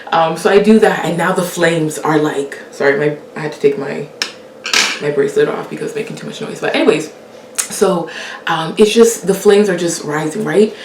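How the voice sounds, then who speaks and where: A young woman with a lowish voice tells a personal story in a casual, lively way. She laughs often and acts out the lines she quotes. The voice is a little distant from the mic in a roomy space with a faint hiss behind it. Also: normal speed. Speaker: storyteller host.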